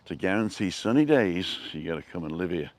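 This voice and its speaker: Low-voiced middle-aged guy rambling on a live walk outside, phone in hand, saying hi to viewers. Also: sing-song, a little fast, no room sound. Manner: chatty, greets viewers by name. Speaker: vlogger. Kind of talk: live-stream walking tour. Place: outdoors on town streets.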